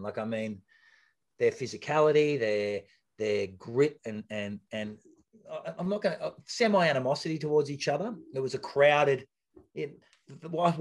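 A man, a former endurance athlete, being interviewed, telling stories bluntly with swearing and many restarts. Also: mid-range voice. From Australia. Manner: animated storyteller, blunt and swearing, lots of restarts. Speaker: guest, former Ironman triathlete. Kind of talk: casual interview chat.

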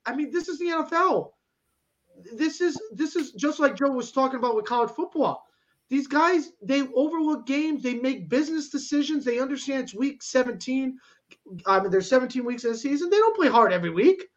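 A man's voice: very high-pitched, animated, fairly quick, lo-fi sound. A man co-hosting a sports talk show, argumentative and emphatic, often cutting in with "listen" and "bro". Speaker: sports podcast co-host.

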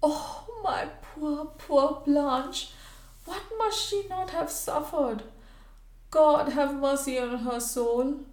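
A woman's voice: on the high side, fairly even intonation, normal speed, darkish tone, pitched above the performer's own voice, lightly acted. Brief: woman voicing a tender Victorian lady, raised and emotional, echoey room. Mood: grieving. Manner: eager, then tearful and pleading. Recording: roomy echo.

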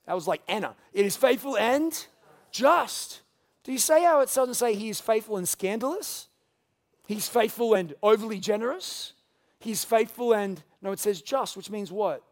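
Man preaching with hushed and forceful swings. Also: high voice, animated, normal speed. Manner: preaching with sharp swings between loud emphatic lines and hushed quiet ones. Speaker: pastor. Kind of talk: sermon.

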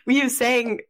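Woman, podcast co-host, fairly high voice, lively, laughs a lot. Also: poor audio. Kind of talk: casual podcast chat.

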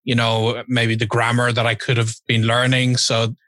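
Man, bright dry voice, hesitant and curious conversational questioner. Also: medium pitch, monotone, normal speed, dry recording. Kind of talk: casual podcast conversation.

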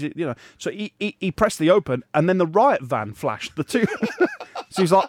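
A middle-aged man, co-hosting a podcast and telling an animated anecdote, often laughing and acting out other people's voices. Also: fairly high pitch, fairly quick, no room sound. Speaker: podcast co-host. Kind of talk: casual storytelling chat.

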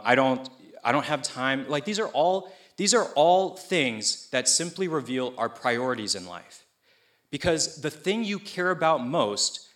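A man's voice: medium pitch, sharp tone. A man preaching a sermon to students in a casual, conversational way, often checking in with his listeners. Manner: casual youth-pastor delivery, checks in with listeners. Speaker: pastor.

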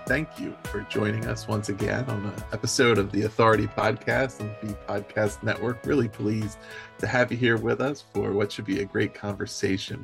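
A man's voice: lowish voice, creaky, a bit bright. A man hosting a podcast interview, introducing his guest and asking questions in a friendly way. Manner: reads sponsor ads and introductions, friendly. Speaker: podcast host.

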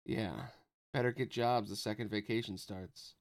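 A man's voice: on the low side, steady tone, normal speed, natural voice. A man voicing a brash, hot-headed teenage boy who snaps when annoyed. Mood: laid-back. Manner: snappy, annoyed.

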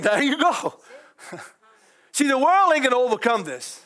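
A man with a Cajun accent preaches in a very high, lively voice that swoops up and down. He talks in a folksy way, chuckling often and throwing in praise and hallelujahs. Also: normal speed. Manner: chuckles often between lines. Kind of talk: sermon.

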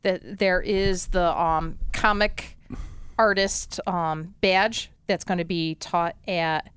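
A woman co-hosting a podcast, chatting casually and often pausing with fillers. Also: on the low side, fairly even intonation, fairly bright tone, clean tone, no room sound. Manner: chatty, hesitant with many fillers. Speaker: podcast co-host.

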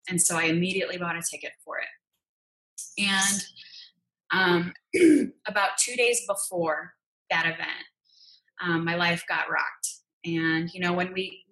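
A woman's voice: lowish voice, bright, forceful tone, poor audio. A woman being interviewed, telling her personal story in an earnest, open, confessional way. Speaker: interview guest.

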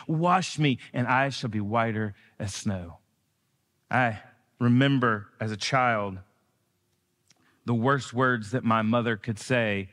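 A man preaching a sermon in a church, earnest and building to emphatic peaks, slowing down on key phrases. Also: on the high side, long reverb tail. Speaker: guest preacher. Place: church sanctuary.

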